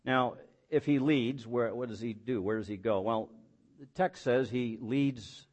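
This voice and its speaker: A man's voice: medium pitch, a little slow, darkish tone. Emphatic man preaching a sermon. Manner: emphatic preaching, rising on key points, many rhetorical questions; plain folksy asides and self-deprecating humor. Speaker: pastor.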